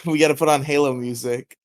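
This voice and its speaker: Man, somewhat high voice, podcast co-host, laid-back, rambling, chuckles. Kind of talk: casual chat.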